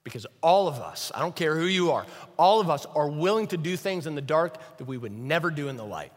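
A man's voice: on the high side, lively intonation, fairly quick, big-room sound. A man preaching a sermon as a pastor, conversational and self-deprecating, often asking the audience questions. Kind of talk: sermon with humor.

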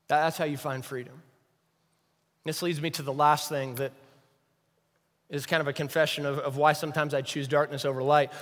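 A man's voice: on the high side, fairly even intonation, fairly quick, long pauses, fairly bright tone, in a large hall. A man preaching a sermon as a pastor, conversational and self-deprecating, often asking the audience questions. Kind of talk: sermon with humor.

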